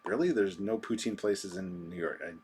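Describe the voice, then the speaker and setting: A man's voice: low voice, normal speed, darkish tone, slight background noise. A man hosting a live stream, chatting casually and rambling through viewer comments with a self-deprecating manner.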